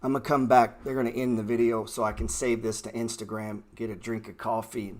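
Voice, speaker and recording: A man's voice: fairly low pitch, level tone, brisk. A man hosting a trading livestream, ranting bluntly and swearing heatedly from his computer. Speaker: trading show host.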